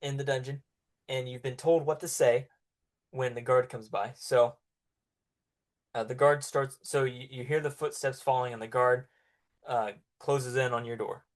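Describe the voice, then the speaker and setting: Man, game master, tabletop narration, casual, laughs a lot, mid pitch. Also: steady tone, unhurried. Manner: casual, laughs often, filler-heavy.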